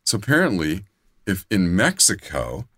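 A middle-aged man co-hosting a podcast, telling crude stories in casual chat, often trailing into low mutters. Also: wildly swooping pitch, normal speed, a bit bright, dry recording, studio quality. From grew up outside California. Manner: profane storyteller, drops to low mutters. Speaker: podcast co-host.

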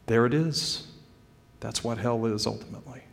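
A man's voice: mid-range voice, normal speed, vocal fry. Earnest male pastor preaching in a reverberant hall. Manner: earnest, swings from loud emphasis to quiet drops; addresses the congregation directly as "friends" and "folks". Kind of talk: sermon. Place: church sanctuary.

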